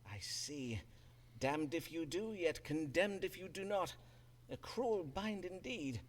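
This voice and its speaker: A self-assured Elizabethan doctor in a game, speaking in archaic courtly phrases. His voice moves widely in pitch. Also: lively intonation, takes it slowly. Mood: courteous. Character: pompous Elizabethan male doctor-astrologer.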